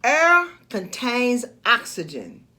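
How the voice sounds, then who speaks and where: A woman's voice: fairly high pitch, huge pitch swings, slow pace, bright, forceful tone, full character voice. A woman reading a studious cartoon nephew. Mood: explaining. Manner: explaining. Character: young male cartoon mouse nephew, studious. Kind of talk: storybook read-aloud.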